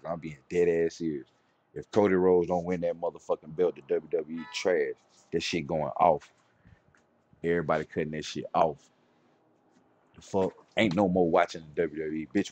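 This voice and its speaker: A man's voice: sits low, steady tone, normal speed, darkish tone, dry recording. A young adult man streaming a game live, chatting casually in a blunt, profane, joking way. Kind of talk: casual chat while gaming live.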